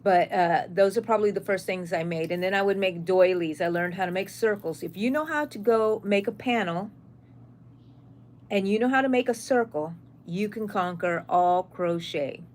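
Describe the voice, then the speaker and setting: A middle-aged woman with a mid-range voice and normal pace hosts a crochet channel live stream. Friendly and rambling, she reads viewers' comments aloud and answers them as she goes.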